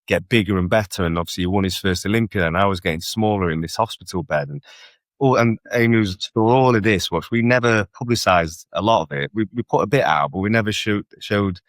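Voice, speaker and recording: A man telling stories in a casual interview, animated, often checking in with tag questions. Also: fairly low pitch, fairly quick, no echo. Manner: animated storyteller with frequent tag questions and laughter. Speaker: guest bodybuilder.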